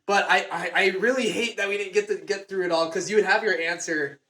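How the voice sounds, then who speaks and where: A man's voice: high voice, a little fast, pushed and bright. A man co-hosting a casual book club podcast, rambling and correcting himself as he talks. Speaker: podcast co-host. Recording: echoey room on a phone.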